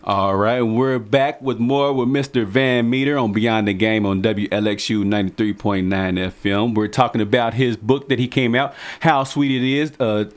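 A man's voice: mid-range voice, fairly even intonation, normal speed, few pauses. A man with a Kentucky country accent hosting a casual radio interview in a studio, chatty, laid-back and joking. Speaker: radio show host.

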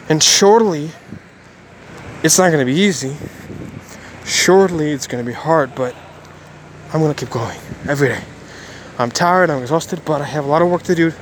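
Man, casual daily vlogger, earnest and rambling, voice a bit high. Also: a little hiss or hum. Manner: rambling, self-correcting, earnest. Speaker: Christian vlogger.

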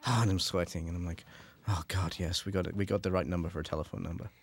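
A man with a low voice talks through his film in a dry, close booth. He jumps into animated, laughing impressions as he tells set stories. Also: fast, no echo. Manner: animated, laughing, acts out quotes. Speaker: film director. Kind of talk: commentary track chat.

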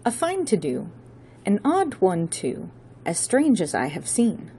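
A woman's voice: mid-range voice, huge pitch swings, slow pace, warm tone, a little hiss or hum, full character voice. A woman voicing a flamboyant male chauffeur who speaks in a theatrical, wordy, upper-crust manner.

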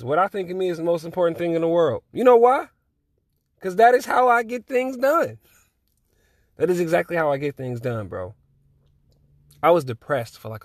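A man in his twenties chatting alone on his podcast in a loose, rambling way. He swears constantly and laughs easily, and his voice sits at an ordinary pitch. The recording is close and dry, with no room sound. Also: no echo. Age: 20s. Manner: profane, laid-back and rambling, with frequent laughs. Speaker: podcast host. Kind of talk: casual solo chat.

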